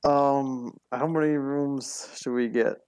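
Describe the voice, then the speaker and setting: A man's voice: medium pitch, fairly even intonation, slow, darkish tone, clear, resonant tone, no room sound, rough recording. A man playing a tabletop game, blunt and joking with friends. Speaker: player. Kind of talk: casual chat at a tabletop game.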